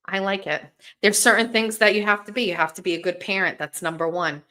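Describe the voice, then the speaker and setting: A woman's voice: mid-range voice, flat delivery, brisk, bright, forceful tone. A woman hosting a casual livestream, talking bluntly to her viewers with plenty of swearing and rambling restarts. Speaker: host.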